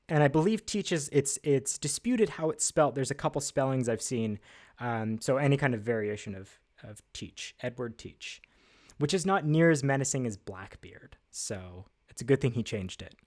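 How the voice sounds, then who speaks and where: A man's voice: medium pitch, animated, normal speed, darkish tone. Chatty man hosting a livestream trivia. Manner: chatty, upbeat, self-deprecating, with frequent fillers. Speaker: livestream host. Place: at a desk indoors.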